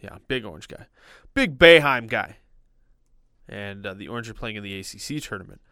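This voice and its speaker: A man's voice: lowish voice, racing, a bit bright, no room sound, studio quality. A man in casual chat, talkative and laughing easily, rambling about college basketball. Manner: chatty, laughs often, sports fan enthusiasm.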